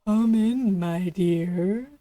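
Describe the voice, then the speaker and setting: A woman voicing a sly, menacing male wolf in a storybook read-aloud, with a deep, scratchy growl. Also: drawn-out words, dark tone.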